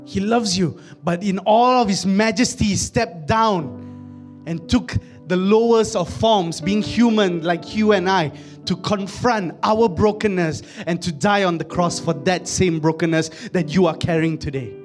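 A man's voice: sits high, measured pace, faint music behind. Joking, chatty male preacher. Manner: humorous, conversational, repeats words. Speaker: pastor. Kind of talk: sermon.

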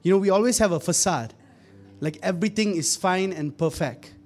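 Speaking at a normal speed, this young man has a high-sitting, darkish voice. He preaches conversationally, calling out to the congregation and cracking asides he laughs at.

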